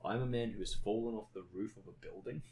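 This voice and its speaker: A man's voice: on the low side, fast, darkish tone, slight background noise. A young man chatting on a podcast, telling stories animatedly, swearing freely and laughing along as he talks. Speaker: podcast co-host. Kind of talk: casual chat.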